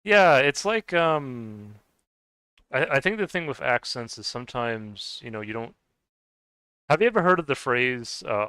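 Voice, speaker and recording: Chatty young man with a bright, crisp voice. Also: medium pitch, expressive, measured pace, no echo. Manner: rambling, chatty, frequent fillers and restarts, laughs often. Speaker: gaming livestream host. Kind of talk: casual chat with live viewers.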